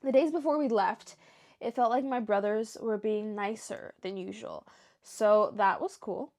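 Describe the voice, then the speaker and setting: A woman's voice: mid-range voice, steady tone, a little slow, darkish tone. A young woman reading stories aloud for her show and breaking off into emotional, chatty reactions. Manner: emotional, chatty asides between read passages. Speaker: story reaction host.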